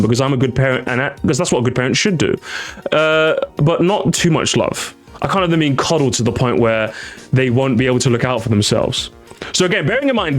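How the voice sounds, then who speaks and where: Sarcastic male streamer, lively voice. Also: medium pitch. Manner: sarcastic, mocking, lots of restarts. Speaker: streamer reacting to a comic. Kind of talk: casual stream reaction commentary.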